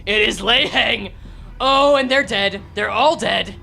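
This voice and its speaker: A woman streaming a game, giving animated commentary, reading dialogue aloud and swearing casually. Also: on the high side, unhurried, gravelly, faint music behind.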